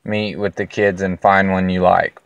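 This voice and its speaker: A man voicing a kind mother who gently encourages her daughter, read in his own voice from a storybook. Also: deep voice, little pitch movement, normal speed, gravelly, clean tone, no echo, dull audio. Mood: gentle. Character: kind adult mother of a girl.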